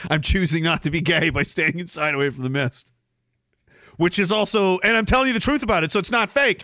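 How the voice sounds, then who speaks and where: A man's voice: a little high, sharp tone, no room sound, studio quality. Brash, sarcastic Canadian man ranting. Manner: crude, sarcastic, rambling, with frequent restarts. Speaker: livestream host. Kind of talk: casual ranting livestream monologue.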